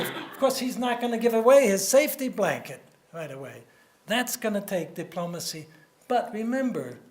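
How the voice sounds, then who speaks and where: A man in his seventies delivers a public lecture in a fairly high voice. He speaks in a measured, conversational way, often repeating a word before moving on. The sound is roomy, like a lecture hall. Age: 70s. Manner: measured and conversational, with frequent "you know" and repeated words. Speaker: guest lecturer on nuclear security.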